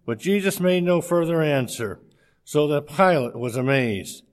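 Guy reading scripture out loud, kinda high voice, steady pace. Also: unhurried. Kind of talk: reading a scripture passage aloud.

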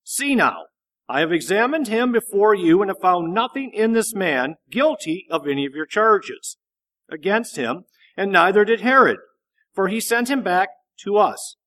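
A man voicing a stern, uneasy Roman governor in a measured, deliberate Bible reading. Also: high voice, very animated, fairly bright tone. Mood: grave.

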